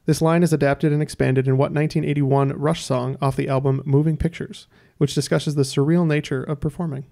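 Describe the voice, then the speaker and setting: A man hosting a podcast quiz, reading trivia questions in a measured way with dry asides. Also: fairly high pitch, flat delivery, gravelly, dark tone. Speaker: quiz host.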